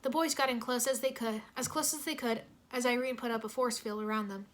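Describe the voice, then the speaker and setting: A woman reading a story aloud in a lively, expressive way. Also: on the high side, brisk.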